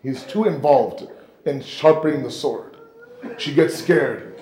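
A man's voice: mid-range voice, takes it slowly. Impassioned male preacher in a roomy space. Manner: impassioned, swings between hushed and near-shouting. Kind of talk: emotional religious sermon storytelling. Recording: roomy echo.

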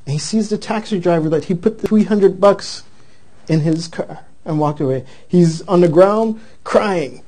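High-voiced, mellow male preacher. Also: unhurried. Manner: animated storyteller, acts out the quoted voices. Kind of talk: sermon with a retold story.

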